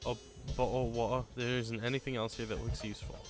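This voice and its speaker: A man on a live stream works through a puzzle game, reading lines aloud in a voice of ordinary pitch. He grumbles and curses casually between clues, with the game's music clearly audible under his voice. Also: little pitch movement, fairly quick. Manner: reads game dialogue aloud, mutters and curses in frustration. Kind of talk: casual let's-play commentary.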